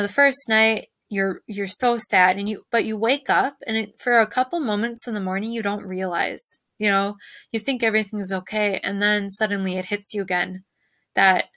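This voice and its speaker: A woman teacher who reads a novel aloud and reflects on it gently with her class, often pausing with "you know". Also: medium pitch, no room sound.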